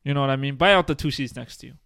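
A man of twenty-two co-hosting a podcast, telling animated stories in casual chat and swearing freely. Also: mid-range voice, racing, clean tone, no echo, studio quality. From New Jersey. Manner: animated storytelling, swears freely, restarts words. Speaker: podcast co-host.

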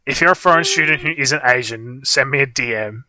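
A man's voice: medium pitch, brisk, bright, forceful tone. A young man, co-hosting a livestream and telling a long story in casual chat full of fillers. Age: young adult. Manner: rambling storytelling with frequent fillers. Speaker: livestream co-host.

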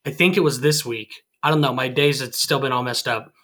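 A man's voice: medium pitch, a little fast, pushed and bright. A man in his twenties chatting casually, acting out both sides of conversations as he tells stories. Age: 20s. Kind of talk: casual storytelling chat.

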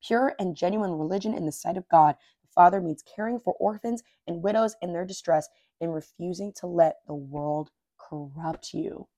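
A woman's voice: on the low side, a little fast, warm tone, dry recording, studio quality. A woman hosting a casual faith podcast, reading Bible verses aloud and commenting in an earnest, informal way. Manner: earnest and informal, says "dude" and "like"; reads scripture aloud and repeats verses. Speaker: podcast host.

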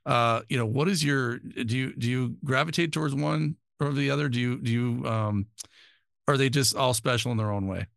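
A man with a gravelly, creaky voice hosts a relaxed interview, recorded dry and close. He asks loose, rambling questions and keeps affirming his guest. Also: medium pitch, moderate pace, no room sound. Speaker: podcast host. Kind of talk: casual interview chat.

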